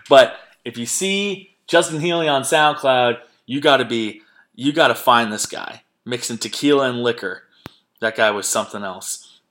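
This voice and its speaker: A man's voice: medium pitch, measured pace, a bit bright. Rambling laughing podcast host, man. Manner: rambling, laughing often, loose and profane. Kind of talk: casual podcast chat.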